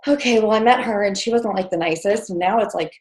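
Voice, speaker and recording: With a quick pace and a mid-range, slightly mellow voice, a New Jersey woman in her thirties shares a personal story on a podcast. She's chatty, full of fillers and small laughs, and the room echoes.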